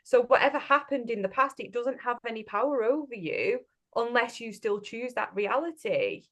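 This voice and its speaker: A woman's voice: fairly high pitch, animated, normal speed, fairly bright tone. A woman, a coach, in casual podcast chat, speaking directly and bluntly and often checking in with the listener. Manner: direct and blunt, often tags statements with "right?". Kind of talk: casual spiritual business chat.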